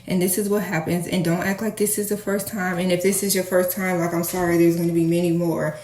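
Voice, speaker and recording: A woman casually telling a personal story to her viewers, candid and animated as she acts out the dialogue. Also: fairly low pitch, fairly quick, hardly any pauses. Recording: echoey room, faint noise.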